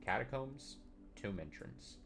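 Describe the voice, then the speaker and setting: A man's voice: medium pitch, animated, measured pace, a bit bright, faint music behind. A man giving casual gameplay commentary, thinking aloud, swearing casually and poking fun at himself. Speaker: let's play streamer.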